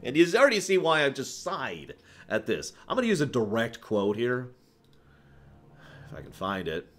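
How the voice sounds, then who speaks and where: Animated opinionated male streamer. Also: medium pitch, moderate pace. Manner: opinionated, rambling with restarts and sighs. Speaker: streamer host. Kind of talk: casual livestream commentary.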